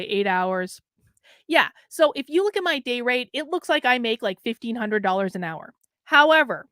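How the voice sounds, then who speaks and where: A woman hosts a commentary show, reading news items aloud and breaking off into sarcastic, scornful asides. Her voice sits a bit high, and she wanders through her points. The recording is dry and close. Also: a bit bright, no room sound. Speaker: political commentary host.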